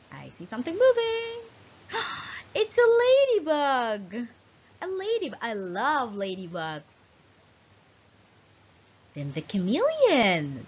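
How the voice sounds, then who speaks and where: A woman teaching young children, her voice swooping widely up and down in a sing-song way with playful animal sounds. She speaks slowly, with a slightly husky, breathy tone. The recording is a bit dull and lo-fi. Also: medium pitch, a bit bright. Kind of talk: children's lesson.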